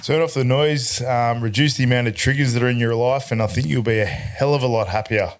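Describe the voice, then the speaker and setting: A man's voice: medium pitch, fairly quick, soft background music. A man with an Australian accent, a tradie guest on a podcast, talking in an easygoing way with lots of ums. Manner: easygoing, hesitant with fillers. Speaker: guest, electrician business owner. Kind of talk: casual chat.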